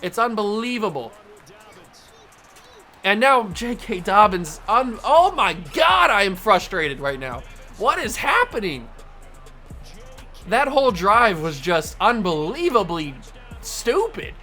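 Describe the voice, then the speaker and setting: Bright, excitable male game commentator. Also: high voice, slow pace, long pauses, soft background music. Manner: excitable, yelling in frustration at the game. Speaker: gaming channel host.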